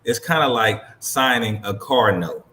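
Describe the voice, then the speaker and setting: A man's voice: mid-range voice, animated, unhurried, bright, forceful tone, echoey room. A man hosting and commenting on a clip in a blunt, emphatic, profane way. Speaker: host reacting to a clip. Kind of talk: casual commentary.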